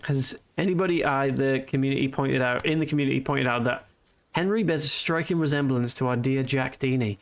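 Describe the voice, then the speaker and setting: A man's voice: medium pitch, a little fast. A man giving joking, rambling live commentary over a game. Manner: joking, rambling, cheeky asides. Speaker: streamer. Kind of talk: casual live stream commentary.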